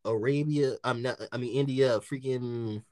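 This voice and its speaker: A man telling a story in casual chat, animated and profane, laughing often and acting out what people said. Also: mid-range voice, measured pace, no room sound, clean studio sound.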